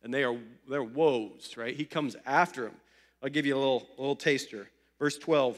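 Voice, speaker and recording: A man's voice: medium pitch, moderate pace. Young guy from ohio preaching, chatty storytelling with little jokes, big echoey church hall. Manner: conversational storytelling, joking asides. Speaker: pastor. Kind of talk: sermon. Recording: long hall reverb.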